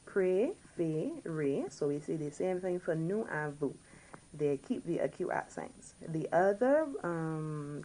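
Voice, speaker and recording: A woman teaching a recorded French lesson, drilling words slowly and patiently and correcting herself as she goes. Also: low-pitched, warm tone, slight background noise, poor audio.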